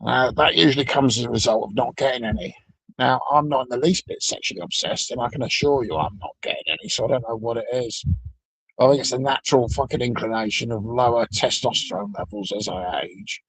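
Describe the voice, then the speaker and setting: A man's voice: medium pitch, fairly quick, vocal fry, fairly bright tone, breathy edge, dry recording, rough recording. A middle-aged man, ranting alone to camera in a blunt, sweary, sardonic way. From Britain. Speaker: vlogger. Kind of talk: profane solo rant.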